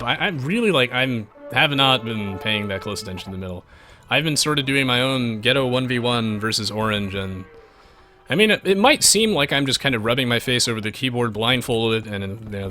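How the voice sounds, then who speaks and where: A man's voice: medium pitch, bright, forceful tone. A man live-streaming a strategy game, chatting with viewers in a self-mocking, rambling way with lots of restarts.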